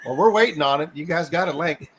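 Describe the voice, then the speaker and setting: A man hosts a live stream in an easygoing way, reading viewer comments aloud. His voice sits a little high. A faint background hum runs under him. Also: fast, fairly bright tone. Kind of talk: casual chat.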